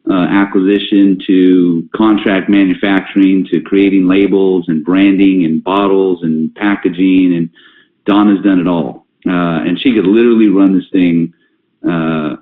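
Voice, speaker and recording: A man hosting a company conference call, talking casually with many fillers and restarts. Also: deep voice. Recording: tinny phone line with roomy echo.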